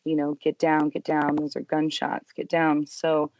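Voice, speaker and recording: Low-voiced woman recounting a trauma. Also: monotone, unhurried, dull audio. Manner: earnest, emotional retelling with quiet hushed quotes. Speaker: podcast guest. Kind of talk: personal testimony in an interview.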